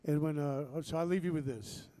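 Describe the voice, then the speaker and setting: A man's voice: fairly high pitch, moderate pace, warm tone. A man, a band member telling heartfelt, rambling stories at a live music venue, full of restarts and Southern slang.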